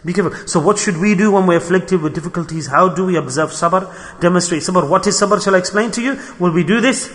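A man's voice: high-pitched, fast talker, a bit bright, long reverb tail. A man preaching a sermon to his congregation, asking rhetorical questions and acting out the complaints of others.

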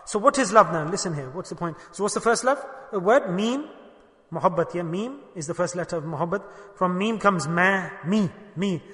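A man's voice: high-pitched, lively intonation, moderate pace, fairly bright tone. A man who is a native Urdu speaker preaches emphatically, telling a story and asking rhetorical questions. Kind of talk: sermon storytelling. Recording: long hall reverb.

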